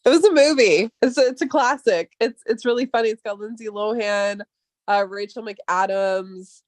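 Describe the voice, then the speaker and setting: A young woman with a light Valley Girl lilt talks casually, sprinkling "like" and the odd swear word. She laughs often and leaps up in pitch when she mimics others. The recording is close and dry, with no room sound. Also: normal speed, no echo. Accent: Californian Valley Girl. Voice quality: upspeak, peppered with "like", swears casually. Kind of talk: casual chat.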